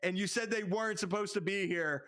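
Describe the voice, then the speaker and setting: Young guy hyped casting esports, high voice, half hoarse and out of breath. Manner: rapid, excitable calls that climb into shouts. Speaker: play-by-play caster. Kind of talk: esports commentary.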